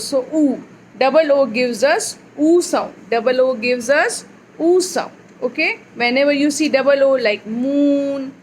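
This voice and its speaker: Slow high-voiced woman teaching phonics. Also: a little hiss or hum, poor audio. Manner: slow, clear, repeats words for a child. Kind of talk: phonics lesson for young children.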